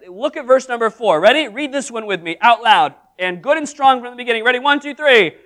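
A man preaching a sermon to a congregation, energetic and humorous, leading call-and-response. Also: very high voice, fairly quick, hardly any pauses. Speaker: pastor. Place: church service.

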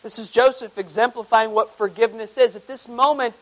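A high-voiced male preacher works through a Bible passage one verse at a time, reading the formal, old-fashioned scripture aloud before explaining it. His delivery swings dramatically from hushed, intimate tones to loud, emphatic peaks, though his intonation stays fairly even and his pace fairly quick. The audio quality is poor.

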